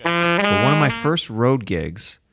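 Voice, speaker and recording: A man hosting a casual comedy podcast, playful and animated, often breaking into silly singing. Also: fairly high pitch, slow, over loud music. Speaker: podcast host.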